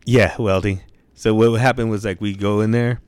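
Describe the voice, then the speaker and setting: Young dude telling stories, lots of swearing and bro, dude, smooth lowish voice, dry close mic. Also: male voice, steady tone, moderate pace, dry recording. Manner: laid-back slang, heavy swearing, lots of "bro" and "dude". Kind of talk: casual storytelling chat.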